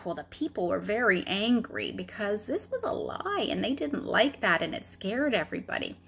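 A woman in her thirties reading a children's story aloud in an expressive, chatty way. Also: medium pitch, normal speed, gravelly, hardly any pauses, breathy edge.

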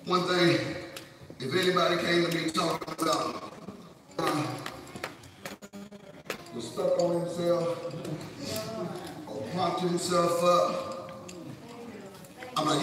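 A man with a Southern US accent preaching a sermon in a church, emphatic, with shouted peaks and slow, stretched phrases. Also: fairly high pitch, fairly even intonation, background noise. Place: large church sanctuary. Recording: echoey church audio from a distant mic. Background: congregation responding.

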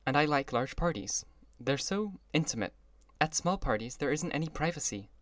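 A man reading an audiobook, voicing a cool, worldly young woman in a slow, ironic drawl. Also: on the high side, lively intonation, fairly bright tone, no room sound, pitched above the performer's own voice. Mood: wry.

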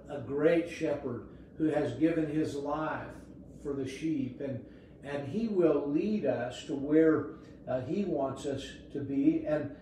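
A middle-aged man delivers a devotional sermon in an earnest, gentle way, stumbling over the odd word and filling pauses with "uh." His voice is warm and mellow. It rings around a very echoey room, picked up from a distance. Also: a little high, slight background noise. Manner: earnest, gentle preaching with frequent "uh" fillers and repeated words. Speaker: pastor.

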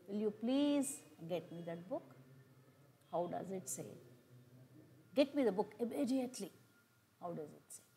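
Low mellow Indian woman lecturing. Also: vocal fry, a little hiss or hum, low-quality recording. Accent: Indian English. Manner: explanatory, with frequent fillers and listed examples. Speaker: college lecturer. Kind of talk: classroom lecture.

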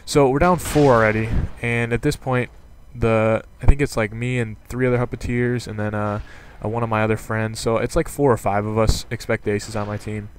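A young man talks through his own match in a rambling, excitable way, his voice sitting a bit low. Gunfire and explosions from the game play clearly underneath him. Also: moderate pace, few pauses, a little hiss or hum. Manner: rambling, excitable, full of fillers. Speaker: gaming commentator. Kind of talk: casual gameplay commentary. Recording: game sound and gunfire behind. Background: gunfire from gameplay.

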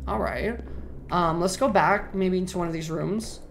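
A woman's voice: on the low side, normal speed, gravelly, slight background noise. A woman streamer commenting on gameplay live, reacting to chat with slang and swearing.

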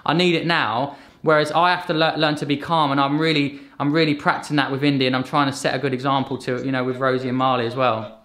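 A man, telling earnest stories in a relaxed interview and acting out the voices of others. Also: mid-range voice, fast talker. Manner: earnest, animated storytelling with acted-out quotes. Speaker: podcast guest, fitness coach. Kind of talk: casual conversation.

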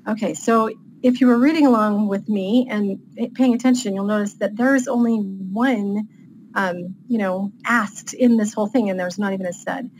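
A woman author explains writing rules in a chatty, loose manner, with plenty of fillers. Her voice is at a middle pitch, with faint noise in the background. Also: fairly even intonation, moderate pace, a little mellow, poor audio. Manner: chatty, with frequent fillers and light laughs. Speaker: author guest. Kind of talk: casual teaching interview.

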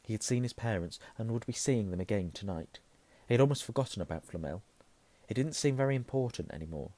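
A hoarse man reading a novel aloud, hushing at tense moments and correcting himself. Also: on the low side, animated, quick pace, no room sound. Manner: self-correcting, softening to a hush at tense moments. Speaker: reader.

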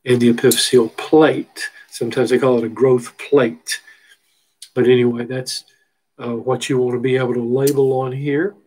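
A man's voice: mid-range voice, darkish tone, poor audio. A middle-aged man teaching a biology lecture from a textbook figure, folksy and full of rhetorical questions. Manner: folksy, asks rhetorical questions, repeats terms. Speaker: biology instructor. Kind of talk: recorded lecture walking through a textbook figure.

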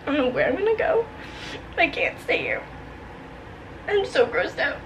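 A woman's voice: high-pitched, huge pitch swings, moderate pace, noisy background. A young woman vlogging from her apartment bedroom, shaken and tearful, swearing and half laughing, half crying as she talks to a phone camera. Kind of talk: casual vlog monologue.

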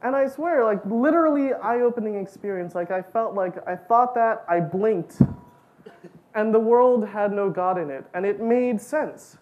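A woman speaking at a student gathering, spinning a personal story with animated, self-mocking energy. Her voice sits at an ordinary middle pitch, and she peppers her talk with "like" and bursts of laughter. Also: unhurried, dull audio.

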